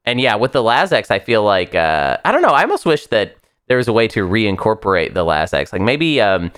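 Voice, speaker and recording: A man's voice: lowish voice, very animated, brisk, a bit bright, clear, resonant tone, no echo, clean studio sound. A man co-hosting a casual board game podcast, thinking aloud with hesitant, searching phrasing. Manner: hesitant, many fillers and restarts, thinking aloud. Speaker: podcast co-host.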